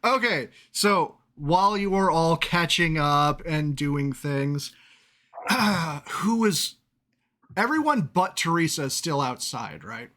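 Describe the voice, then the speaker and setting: A man's voice: a little high, expressive, takes it slowly, pushed and bright. A man narrating as game master of a tabletop game, chatty and laughing often as he describes the scene.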